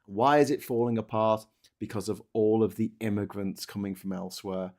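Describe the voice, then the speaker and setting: A man with a blunt, sweary, animated manner, co-hosting a casual political chat over a video call. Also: lowish voice, moderate pace. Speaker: co-host.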